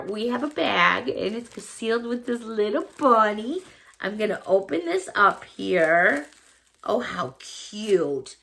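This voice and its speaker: A woman's voice: mid-range voice, vocal fry, a bit bright. A middle-aged woman chatting casually to camera as a YouTuber opening fan mail, effusive and full of thanks and exclamations.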